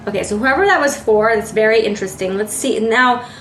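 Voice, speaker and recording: A woman's voice: on the high side, fairly quick, fairly bright tone, slight background noise. A woman giving a casual tarot reading in a chatty way, often filling with "like" and searching for words. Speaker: tarot reader. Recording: roomy echo.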